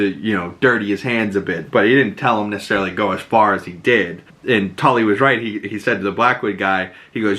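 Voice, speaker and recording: Bright excitable guy on a podcast, casual recap chat, swears a lot. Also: lowish voice, normal speed, few pauses. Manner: excitable, loose, swears freely. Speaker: podcast host recapping a TV episode.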